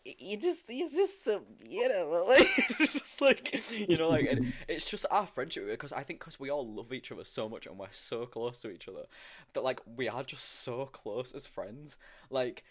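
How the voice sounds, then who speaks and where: A young man with a low voice tells stories from set in a loose, chatty way, and his pitch swings widely as he goes. He laughs often between lines and leans on fillers like "like" and "obviously.". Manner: animated, laughing storyteller with many fillers. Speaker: actor telling stories on stream. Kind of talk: casual chat.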